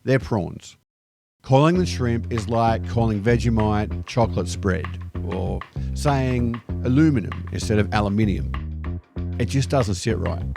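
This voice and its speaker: A man's voice: lowish voice, measured pace, creaky. A man with an Australian accent, hosting his vlog in upbeat, slang-filled scripted narration. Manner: upbeat and chatty, full of slang. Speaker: expat vlogger host. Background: background music.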